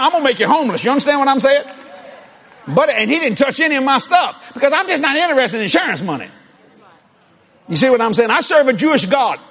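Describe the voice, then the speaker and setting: A man preaching a sermon, shouting and boasting with animated laughs. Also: very high voice, a little hiss or hum.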